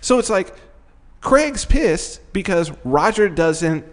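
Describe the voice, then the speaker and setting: A man co-hosting a podcast in casual chat, talking excitably with swearing and many restarts. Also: sits high, slow. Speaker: podcast co-host.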